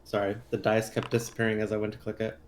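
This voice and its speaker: A man's voice: lowish voice, completely flat delivery, quick pace, background noise. A man playing a tabletop game who presses another character with wry, pushy questions. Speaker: player.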